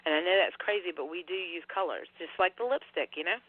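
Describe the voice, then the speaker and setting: A woman's voice: fairly low pitch, quick pace, dry recording. Woman rambling earnestly over a phone line. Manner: rambling, earnest, full of fillers. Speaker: guest, paranormal researcher. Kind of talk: casual podcast conversation.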